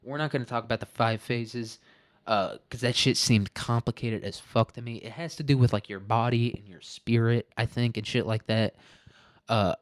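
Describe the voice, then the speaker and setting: A man's voice: on the low side, dry recording, clean studio sound. A man hosting a podcast alone, telling rambling stories in casual, profane talk and laughing often. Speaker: podcast host. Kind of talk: casual solo podcast monologue.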